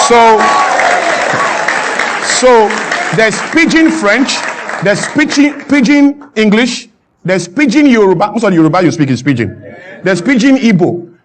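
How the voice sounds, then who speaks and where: A man's voice: sits high, background noise. A man giving an impassioned talk, emphatic and repeating lines for effect. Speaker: guest speaker.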